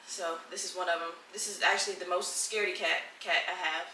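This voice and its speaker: A woman hosts her solo podcast from home, talking in a loose, candid and profane way straight to her listeners. Her voice is bright and clear, picked up from a little way off the mic in an echoey room. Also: lowish voice, fairly even intonation, fairly quick, recorded from a distance, a little hiss or hum. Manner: candid, profane, emotional, addresses listeners as y'all. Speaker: podcast host. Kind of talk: casual solo podcast chat. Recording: roomy echo, slightly off-mic.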